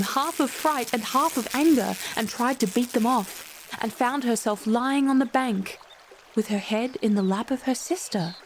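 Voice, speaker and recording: A woman narrating a classic storybook in a measured, clear reading voice. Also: on the high side, a little hiss or hum. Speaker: storybook reader.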